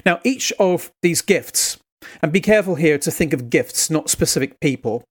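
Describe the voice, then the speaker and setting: A male preacher tells a personal story from the pulpit, with a casual, conversational manner. His voice sits a little higher than most men's. He turns earnest and exhortative as he draws the lesson for his listeners. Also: lively intonation, normal speed, breathy edge. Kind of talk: sermon.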